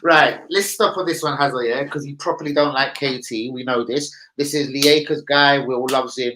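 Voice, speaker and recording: Male stream host, slangy and chatty, bright forward voice, mid pitch. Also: fairly even intonation, moderate pace, slight background noise, poor audio. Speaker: livestream football show host. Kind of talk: casual live-stream chat.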